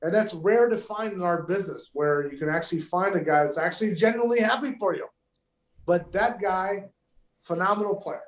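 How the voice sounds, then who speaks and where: A professional golfer, a man with a high voice, is a guest on a podcast, telling stories in casual chat. He talks fairly quickly, emphatically, and with heavy profanity, and the room sounds echoey.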